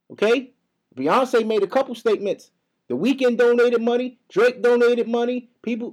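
A young man hosting a podcast in a casual, profane, heated rant, talking fast. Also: sits high, a little mellow. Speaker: podcast host. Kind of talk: casual ranting monologue.

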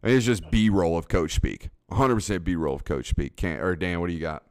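Male podcast host, deep and smooth, easygoing and filler-heavy, dry close recording. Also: brisk, a little mellow, no echo. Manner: laid-back, filler-heavy, laughs often. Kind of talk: casual chat.

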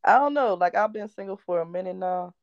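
A woman's voice: mid-range voice, lively intonation, fairly quick, background noise. A woman in her thirties, a guest on a podcast, talking in a laid-back, reflective way. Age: 30s. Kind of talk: casual chat. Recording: dull lo-fi sound.

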